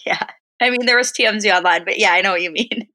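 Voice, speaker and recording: A woman's voice: medium pitch, quick pace, bright, forceful tone, a little hiss or hum, rough recording. A woman co-hosting a podcast, chatting casually and thinking her answers through aloud. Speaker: podcast co-host. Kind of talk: casual chat.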